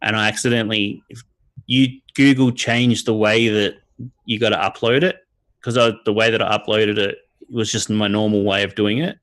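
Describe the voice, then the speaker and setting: A man with an Australian accent in a casual online chat, swearing often and pausing with fillers. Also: fairly low pitch, fairly even intonation, fairly bright tone, rough recording. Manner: swears a lot, halting with fillers. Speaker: guest.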